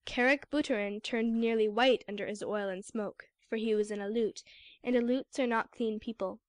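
A woman's voice: on the high side, steady tone, normal speed, no room sound. Woman narrating a classic storybook. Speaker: audiobook narrator. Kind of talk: scripted narration.

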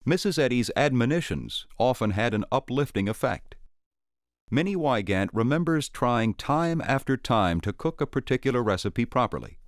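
A man giving scripted documentary narration in a clear storytelling manner. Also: medium pitch, very animated, normal speed, no room sound, clean studio sound.

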